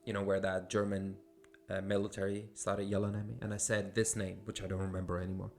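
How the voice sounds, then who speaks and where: A man's voice: low-pitched, completely flat delivery, fast talker, soft background music. A man from Syria, hosting a podcast and telling a personal story casually, with many fillers and restarts. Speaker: podcast host.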